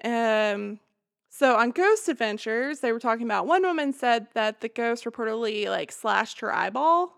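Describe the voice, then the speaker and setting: A woman's voice: fairly high pitch, animated, moderate pace, creaky, a bit bright. A woman hosting a podcast, telling a story in a casual, chatty way and swearing freely. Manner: chatty, swears freely, laughs between lines. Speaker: podcast host.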